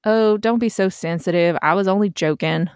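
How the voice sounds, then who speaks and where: A woman voicing a blunt hometown man with a deep voice, slow and dismissive. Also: clean tone, no room sound, clean studio sound, close to an everyday voice.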